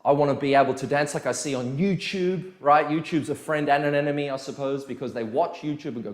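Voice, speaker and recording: A dance coach talks casually to viewers in a quick, fairly high male voice with few pauses, and the sound is reverberant. It's a relaxed video lesson full of chatty, animated storytelling with quoted dialogue.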